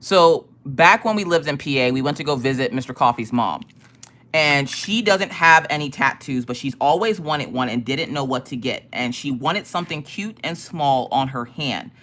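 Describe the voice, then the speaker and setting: A woman hosting a relaxed live stream, talking to her viewers. Her voice sits low but rises and falls a lot as she tells cursing, animated stories between bursts of laughter. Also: normal speed. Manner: animated, profane storytelling with frequent laughter. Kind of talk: casual live-stream chat.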